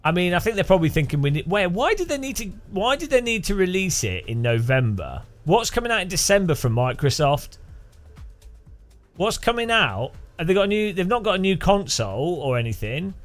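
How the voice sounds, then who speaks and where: A British man chatting through a live gaming stream, rambling and joking as he restarts his sentences. His pitch runs high and moves about a lot. Faint music sits behind him. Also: big pitch swings, a little fast. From Britain. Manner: rambling, jokey, restarts often. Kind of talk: casual live gaming chat.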